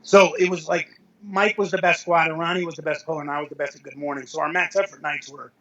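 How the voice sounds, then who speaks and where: A man's voice: a little high, steady tone, fast, bright, forceful tone, muffled recording. A middle-aged man, a veteran powerlifter, telling rambling anecdotes as an interview guest, with self-corrections and chuckles. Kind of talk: casual storytelling interview.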